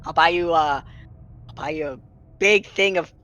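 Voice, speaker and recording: A game master voicing an excitable young half-elf woman who gasps, squeals and gushes in a rush during a tabletop game. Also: mid-range voice, highs cut off. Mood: giddy. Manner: gushing, breathless, rapid gasps and squeals. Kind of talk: tabletop role-play character voice.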